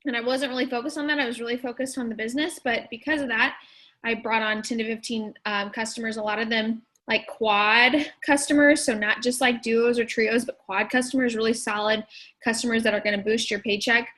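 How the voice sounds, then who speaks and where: A woman's voice: a little high, steady tone, fairly quick, a bit bright. A woman sharing her experience on a team call, eager and casual, at times talking while eating.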